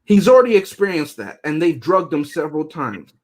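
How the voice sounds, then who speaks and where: A man reviewing movies in a loose, joking podcast chat, chuckling through his own lines. His voice is a bit husky and sits somewhat high. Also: big pitch swings, brisk. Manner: joking, chuckles often while talking.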